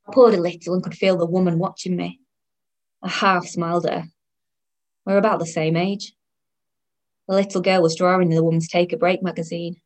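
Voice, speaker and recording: Wry woman narrating. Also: on the low side. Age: 30s. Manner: wry, weary and sardonic. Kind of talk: first-person audio drama narration.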